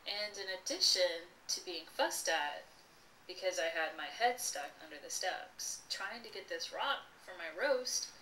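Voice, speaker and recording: A woman slowly telling a personal childhood story with lively expression and occasional laughs. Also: on the low side. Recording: echoey room, voice from a distance, faint noise.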